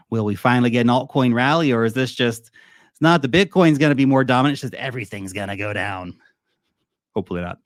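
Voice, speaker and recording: A man's voice: on the low side, no room sound, clean studio sound. A man hosting his own channel, giving casual, off-the-cuff market commentary with blunt opinions and frequent asides. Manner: chatty and off-the-cuff, with asides and quick laughs. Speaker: crypto channel host.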